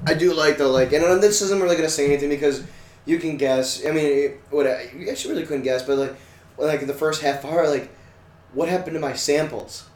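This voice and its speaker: A man's voice: on the high side, fast. Young man rambling in an echoey room. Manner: rambling, full of "like" and restarts, sometimes yelling for fun. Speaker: podcast co-host. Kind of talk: casual chat about movies.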